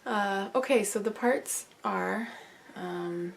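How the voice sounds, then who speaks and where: A woman teaching a song in a relaxed, soft-spoken way, now and then singing lines slowly to demonstrate. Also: mid-range voice, gravelly, a little hiss or hum. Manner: soft, unhurried explaining, breaks into slow sung lines.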